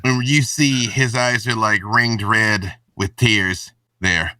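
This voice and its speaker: A man's voice: fairly low pitch, fairly even intonation, slow pace, sharp tone, far from the mic. A man narrating a tabletop role-playing game as game master, slipping into menacing villain voices.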